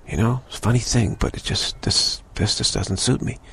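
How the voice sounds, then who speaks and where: A man voicing a calm male guru who gives orders in a casual, offhand way. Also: fairly low pitch, moderate pace, creaky, husky, pitched above the performer's own voice, heavily acted.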